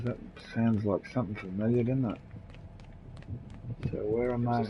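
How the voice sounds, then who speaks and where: A man's voice: medium pitch, fairly even intonation, moderate pace, noisy background. A man with an Australian accent chatting loosely and swearing to his friends while he streams a video game. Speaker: gamer streaming live. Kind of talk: casual live-stream chat while gaming. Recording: dull lo-fi console stream audio.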